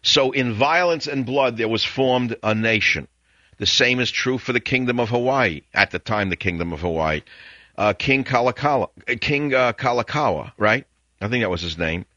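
A man's voice: medium pitch, lively intonation, moderate pace, bright, forceful tone, dry recording, highs cut off. An older man hosting a radio talk show from a studio, rambling and reflective with wry asides.

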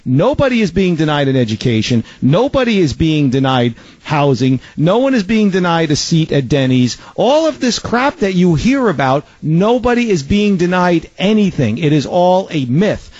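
A man rants through a talk radio monologue. His voice sits a bit high for a man, and his delivery is sarcastic and full of fillers and restarts. The sound is dry and dull, like lo-fi broadcast audio. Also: very animated, moderate pace, hardly any pauses, darkish tone, no room sound.

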